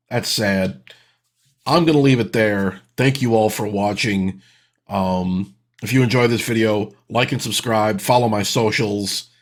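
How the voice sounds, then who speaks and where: Man, thirties, reaction host, sarcastic, exasperated, casual commentary. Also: lowish voice.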